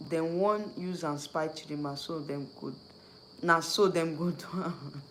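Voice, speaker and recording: This YouTube host, a man with a Nigerian accent, speaks in a high, slightly bright voice during a laid-back livestream. His talk meanders and loops back on itself, moving between English and Nigerian Pidgin.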